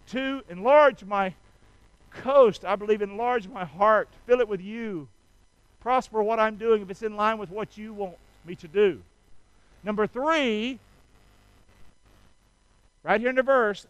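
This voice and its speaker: High-voiced impassioned preacher man. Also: unhurried, pauses often, no room sound, low-quality recording. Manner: impassioned, leads congregation in call-and-response prayer. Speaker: pastor. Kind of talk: sermon.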